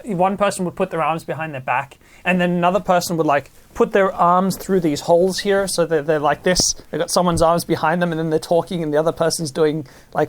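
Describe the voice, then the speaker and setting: A man, possibly, telling stories in a casual monologue, animated and full of restarts. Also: high-pitched. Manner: animated storytelling with many restarts.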